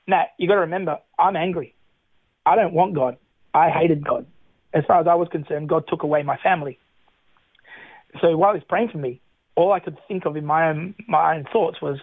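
Aussie guy on the phone to a radio show, telling his story, bit high voice, keeps restarting and chuckling. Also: fairly quick, long pauses, no room sound. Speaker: interview guest. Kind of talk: personal faith testimony. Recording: tinny phone line, dry.

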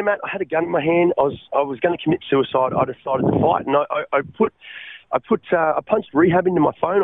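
An Australian man telling his life story as a radio guest, halting and repeating words as he speaks. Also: medium pitch, no echo. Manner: halting, repeats words, calls the host mate. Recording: tinny phone line.

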